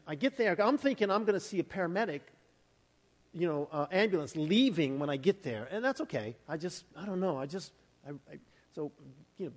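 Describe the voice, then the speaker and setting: A male pastor giving a sermon, shifting from scripture readings into a lively conversational story. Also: sits high. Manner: conversational storytelling, animated retellings. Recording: hall reverb.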